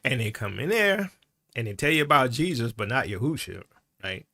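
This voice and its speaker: A man giving opinionated commentary in an animated, sarcastic way, often tagging lines with "right?". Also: medium pitch, normal speed.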